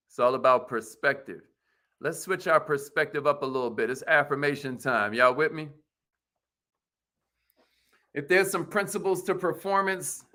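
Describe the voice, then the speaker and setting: A man hosting a motivational livestream, hyping viewers with repeated call-and-response lines and shout-outs to viewers. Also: on the high side. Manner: energetic, repetitive call-and-response hype with "y'all".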